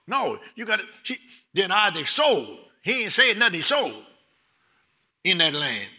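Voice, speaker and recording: Bright-voiced excitable male preacher. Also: sits high, unhurried. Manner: excitable, repeats words, laughs and raises voice in bursts. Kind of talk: sermon.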